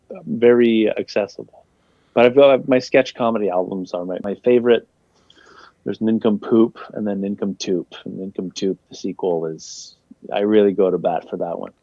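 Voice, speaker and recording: A man's voice: on the low side, gravelly, dry recording. A young man, a guest comedian, rambling casually through an interview in a laid-back way. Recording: dull lo-fi dry sound.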